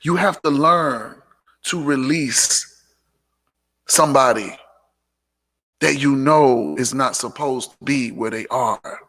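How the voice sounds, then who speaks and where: Gravelly, emphatic man preaching self-respect. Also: mid-range voice, a bit bright. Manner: preachy and emphatic, repeats lines for punch, sassy asides. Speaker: host of a live motivational talk show. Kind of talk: live motivational monologue.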